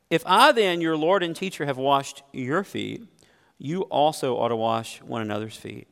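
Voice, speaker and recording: A middle-aged pastor preaches in a church sanctuary, sincerely posing questions straight to the people in the pews. He speaks at a medium pitch with a creaky texture, and the sound carries the long echo of a big hall.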